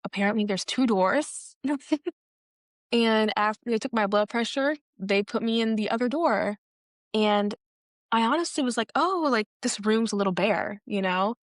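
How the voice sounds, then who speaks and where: Young woman podcast cohost, chatty storytelling, mid pitch, dry close mic. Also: moderate pace, no room sound. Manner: animated, acts out quoted people with pitch jumps. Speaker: podcast co-host. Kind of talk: casual storytelling chat.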